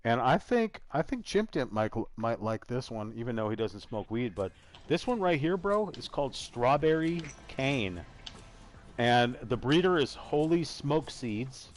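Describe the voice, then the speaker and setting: A man's voice: medium pitch, big pitch swings, a little slow. A man hosts a casual live gaming broadcast, talking loosely while he plays. He swears freely and drifts between game calls and stories. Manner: casual, swears, tries silly accents. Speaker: podcast host and gamer. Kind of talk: casual chat while playing.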